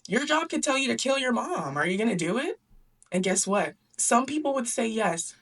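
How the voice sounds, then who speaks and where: A woman's voice: a little high, sing-song, moderate pace, breathy edge, distant mic. A young woman hosting a book club, recapping a story in a chatty, sarcastic way, often laughing and acting out the characters. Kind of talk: casual book recap and commentary.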